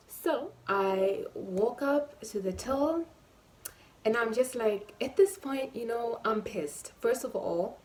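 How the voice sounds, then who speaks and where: Animated woman telling a story. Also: mid-range voice, slight background noise. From Namibia. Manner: animated, emphatic storytelling with acted-out dialogue. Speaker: vlogger. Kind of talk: storytime vlog.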